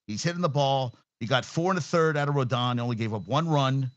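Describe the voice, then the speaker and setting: A man's voice: medium pitch, fast talker, dry recording, lo-fi sound. Profane, blunt man ranting about sports. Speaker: sports talk host. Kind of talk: casual sports rant.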